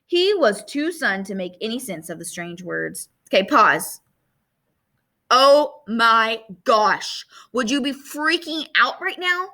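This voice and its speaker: A woman reading a novel aloud like a teacher, expressive, stopping for chatty asides to her listeners. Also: high-pitched.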